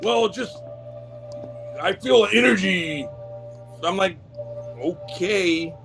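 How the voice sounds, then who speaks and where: A man's voice: on the high side, normal speed, faint music behind. A man co-hosting a live stream who talks bluntly and swears freely in casual chat.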